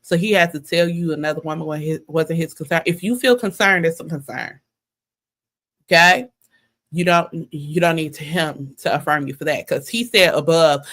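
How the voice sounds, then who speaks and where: A woman with a low voice hosts a casual commentary show. She reads messages aloud and reacts with candid, animated remarks, laughing often between her points. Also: normal speed. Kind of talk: casual commentary on social media drama.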